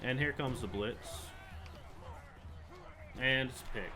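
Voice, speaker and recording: A man's voice: mid-range voice, takes it slowly, pauses often, background noise. A young man giving live commentary over a football video game, frustrated and swearing as he rants about the plays. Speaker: gaming channel host.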